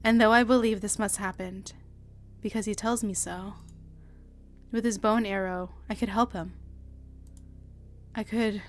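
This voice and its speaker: A young woman streamer reading a visual novel aloud, with dramatic, shouting outbursts and laughing reactions. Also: mid-range voice, steady tone, a little slow, pauses often. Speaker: virtual streamer.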